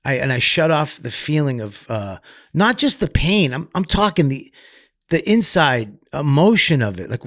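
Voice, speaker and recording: A man's voice: fairly high pitch, moderate pace, dry recording, clean studio sound. Profane man telling stories. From Massachusetts, US. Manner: profane, animated, acts out quotes loudly. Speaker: guest comedian. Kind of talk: candid storytelling interview.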